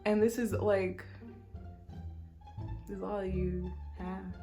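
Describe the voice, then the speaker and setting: A young woman tells a storytime vlog in a loose, animated way, full of swearing and quick asides. Her voice sits at a middling pitch, and soft music plays faintly underneath. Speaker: vlogger. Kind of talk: casual storytime.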